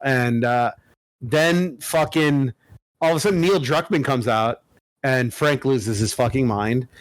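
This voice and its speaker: A man co-hosting a podcast, telling a story in casual chat, animated and full of swearing. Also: mid-range voice, unhurried, no echo. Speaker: podcast co-host.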